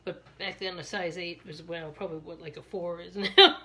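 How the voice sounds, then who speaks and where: A woman's voice: fairly low pitch, fairly even intonation, normal speed, sharp tone. A woman with a Maryland accent chatting casually and rambling, laughing often as she styles her hair. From Maryland, USA. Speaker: beauty vlogger. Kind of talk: casual chat while styling hair.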